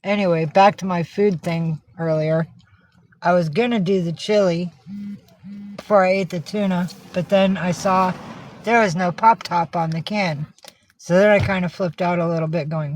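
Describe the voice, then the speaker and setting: A woman's voice: fairly low pitch, steady tone, normal speed, a little mellow. A woman vlogging in a casual livestream style, rambling, cooing to her pets and swearing casually, talking from inside a car.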